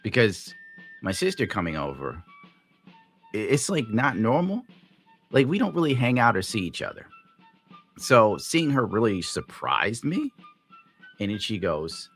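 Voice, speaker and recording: A man's voice: lowish voice, very animated, measured pace, long pauses, fairly bright tone, soft background music. A tired man live streaming, telling a rambling, profane story in a grumbling way. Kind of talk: rambling livestream rant.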